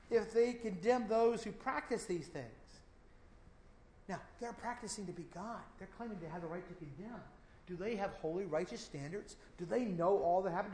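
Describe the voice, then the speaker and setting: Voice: medium pitch, darkish tone, roomy sound, low-quality recording. A Bible teacher preaching a verse-by-verse sermon, emphatic and full of rhetorical questions.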